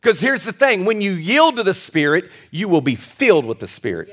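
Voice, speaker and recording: High-voiced man preaching a sermon. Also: normal speed. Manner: animated preaching, storytelling with bursts of shouting. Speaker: pastor.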